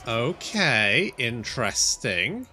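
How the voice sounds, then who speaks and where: Man, gameplay commentary, animated and bright, very sweary, game music faint behind. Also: medium pitch, drawn-out words. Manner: excitable, sweary, talks to units. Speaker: gaming channel host.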